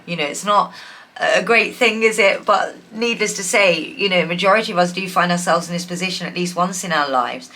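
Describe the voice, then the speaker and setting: A woman reads tarot cards in a loose, chatty way, calling her listeners endearments and filling gaps with ums. Her voice sits low but sounds bright and forward. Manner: chatty, affectionate, many fillers and restarts. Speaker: tarot reader. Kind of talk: casual tarot reading.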